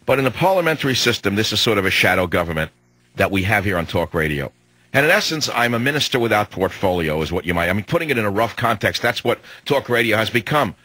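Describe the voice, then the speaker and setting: A man's voice: on the low side, very animated, quick pace, bright, forceful tone, no room sound, poor audio. A combative talk radio host, a man in his sixties, delivering an emphatic, hectoring monologue on a studio microphone.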